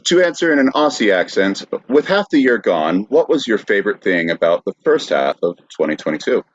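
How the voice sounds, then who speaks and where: A man's voice: fairly low pitch, big pitch swings, fairly quick, no room sound, highs cut off. A man hosting a podcast livestream who stays patient and apologetic while he troubleshoots the audio. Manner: apologetic, patient under insults. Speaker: podcast host.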